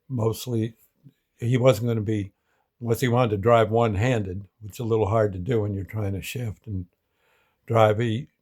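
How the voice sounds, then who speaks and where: A man's voice: fairly low pitch, darkish tone. Folksy man telling a story. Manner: folksy, halting, full of restarts. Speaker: show host telling an ambulance call story. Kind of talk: casual storytelling.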